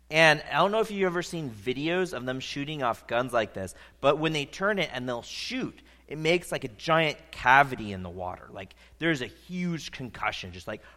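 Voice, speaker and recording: A man preaching a sermon, telling a story in an animated, conversational way. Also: a little high. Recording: long reverb of a large hall.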